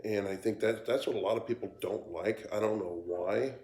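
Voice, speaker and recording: Tired, halting man in a roomy space. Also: fairly low pitch, darkish tone. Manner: halting, repeats words, easygoing. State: tired, yawning. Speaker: cigar reviewer. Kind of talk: casual cigar review vlog. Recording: roomy echo.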